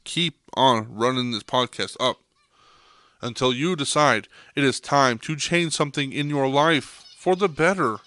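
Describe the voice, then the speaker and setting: A man's voice: medium pitch, measured pace, bright, forceful tone, no room sound. A young man hosting a podcast, delivering an intense monologue that swears freely and hammers points home by repeating them. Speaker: podcast host.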